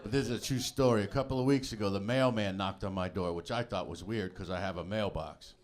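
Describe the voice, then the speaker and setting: A man's voice: fairly low pitch, a little fast. A man doing a stand-up comedy routine on a club stage, talking casually and acting out the people in his stories. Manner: conversational, acts out quoted people. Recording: live club with crowd laughter. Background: audience laughter.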